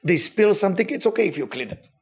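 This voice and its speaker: A man teaching a weekly Torah lesson with a noticeable non-native accent, animated, swinging his pitch and repeating for emphasis. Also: fast talker.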